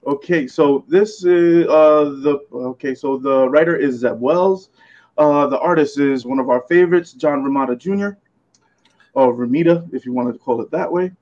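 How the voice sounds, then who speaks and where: A man's voice: a little high, moderate pace, a little mellow, dull audio. A man co-hosting a casual podcast, laughing often as he reads out comic book credits, sometimes stumbling over names. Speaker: podcast co-host presenting comics.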